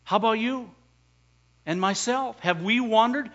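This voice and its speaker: A pastor delivers a sermon in a high, bright voice at a measured pace, repeatedly posing rhetorical questions to the congregation. He drives his points home forcefully. The recording has a dull, lo-fi quality.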